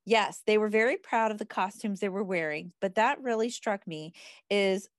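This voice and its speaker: A woman's voice: medium pitch, normal speed, no room sound, clean studio sound. A woman in a casual group chat who reads a book aloud, laughing often and stumbling over words. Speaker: book club member.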